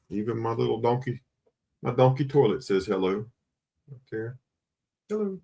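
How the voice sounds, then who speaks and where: A man's voice: mid-range voice, creaky, darkish tone, husky. A man hosting a casual live-stream coin sale, greeting viewers by name over and over in a chatty way. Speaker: livestream host selling coins.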